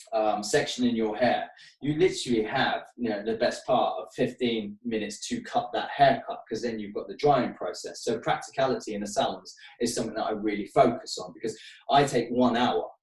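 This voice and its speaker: A man's voice: fairly low pitch, darkish tone. A middle-aged man teaching haircutting in a live webinar demonstration, chatty and earnest, rambling as he mentors. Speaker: hairdressing educator. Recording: roomy sound, far from the mic.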